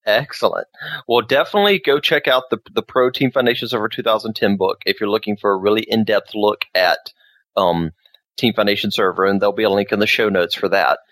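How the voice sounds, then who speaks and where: A man's voice: on the low side, fairly quick, fairly bright tone, dry recording. A man hosting a podcast, talking in a friendly, conversational way. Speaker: podcast host. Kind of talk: casual podcast chat.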